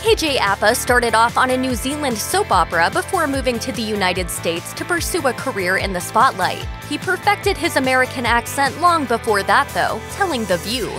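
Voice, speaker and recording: A woman narrating a scripted entertainment video in a brisk, polished voice-over. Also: fairly high pitch. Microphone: close studio voice-over mic.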